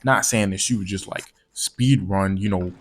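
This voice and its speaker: A man with a fairly low voice tells a personal story straight to the camera. He talks loose and slangy, swears freely and stumbles over repeated words as he rambles on. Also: moderate pace, slight background noise. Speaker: vlogger telling a personal story. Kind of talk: casual storytime monologue.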